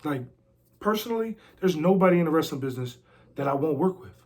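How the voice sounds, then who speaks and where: Brash slangy man, higher voice. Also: expressive, quick pace, a little mellow. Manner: brash, boastful, slangy trash talk. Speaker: interview guest, former pro wrestler. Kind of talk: casual interview chat. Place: a house.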